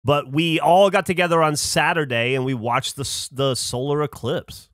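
A man co-hosting a podcast in casual chat, playfully moving between deadpan and excited. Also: on the high side, moderate pace, no room sound, clean studio sound. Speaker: podcast co-host.

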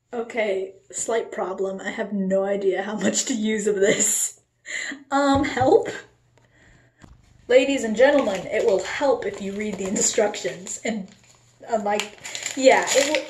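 A woman's voice: medium pitch, darkish tone. A young woman in her late teens chatting casually in a home vlog, giggling often, swearing freely and joking at her own expense. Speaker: vlogger. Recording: echoey room with faint background noise.

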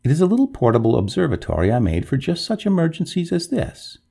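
A man playing a courteously cruel gentleman. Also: fairly high pitch, wildly swooping pitch, fast, creaky, breathy edge, pitched above the performer's own voice, exaggerated voice. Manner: polite, firm, dryly mocking. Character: courteous, coolly triumphant gentleman heir. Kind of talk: storybook reading.

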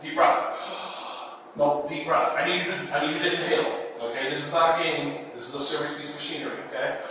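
Cop guy barking breath test orders over and over, kinda high voice, echoey room, far off mic. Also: fairly even intonation, a little fast. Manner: firm, impatient, repeating orders. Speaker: sheriff's deputy giving a breath test. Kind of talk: bodycam instructions. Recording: echoey room, distant bodycam mic, faint noise.

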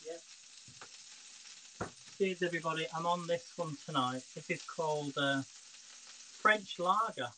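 A man's voice: on the high side, a little slow, long pauses, pushed and bright, a little hiss or hum, rough recording. A man hosting a casual live cooking stream from his home kitchen, chatting straight to his viewers. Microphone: phone. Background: frying sizzle.

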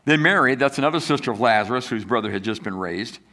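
A man's voice: medium pitch, animated, quick pace, bright, forceful tone. A man preaching a sermon as pastor, talking conversationally and asking the congregation questions. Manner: acts out critics' voices in quotes.

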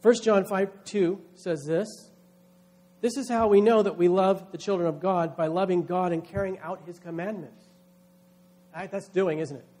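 A man's voice: sits high, fairly even intonation, moderate pace, dark tone. A man, a pastor, preaching a sermon with emphatic delivery, acting out quoted voices.

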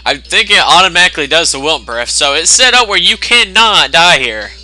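This gameplay commentator speaks on the high side with big swings in pitch, fairly quickly, in a bright and forceful tone. Game music plays behind his jokey, profane let's play, and he voices the game's text in mocking tones.

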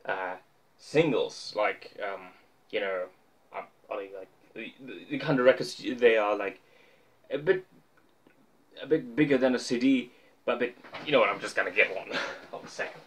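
Talking to camera about his records, a young man rambles casually, cracking self-mocking jokes and leaning on plenty of fillers. The vlogger has a medium-pitched voice with a breathy edge.

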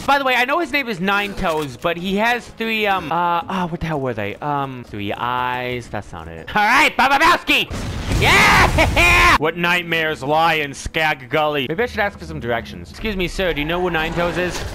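A man giving loud, joking commentary as he plays a video game, with shouty reactions. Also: fairly high pitch, expressive, moderate pace, few pauses, heavy background noise. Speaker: gaming YouTuber. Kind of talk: let's play commentary.

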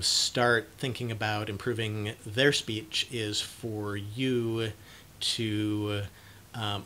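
A young man with a lowish voice gives casual advice to the camera, with a little hiss or hum in the audio. Presenting a video on cluttering, he speaks haltingly with many fillers and restarts, growing animated when he acts out an excited parent.

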